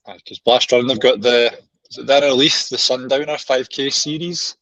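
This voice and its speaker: A man's voice: mid-range voice, steady tone, moderate pace, fairly bright tone, dry recording, low-quality recording. A Scottish man hosting a running podcast, steering the talk with questions. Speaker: podcast host. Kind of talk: casual chat.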